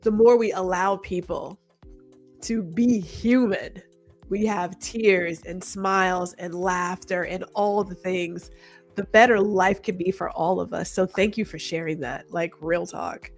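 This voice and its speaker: A woman hosting a podcast, talking in a chatty, animated way and reading out viewer comments. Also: on the low side, unhurried, soft background music. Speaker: podcast host. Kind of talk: casual interview chat.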